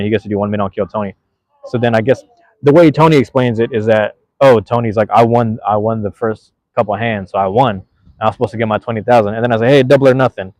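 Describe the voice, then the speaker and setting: A man's voice: lowish voice, a little mellow, dry recording, poor audio. A man giving a loose, slangy, rambling recap of a comedy show, full of fillers, while sitting outdoors near a playground.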